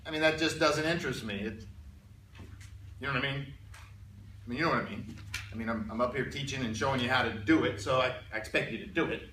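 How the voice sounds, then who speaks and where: Chatty math teacher in an echoey classroom. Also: male voice, medium pitch, quick pace, pauses often, pushed and bright, a little hiss or hum. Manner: chatty, repeats words, clears throat often. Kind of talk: classroom lecture. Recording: echoey room, mic far off.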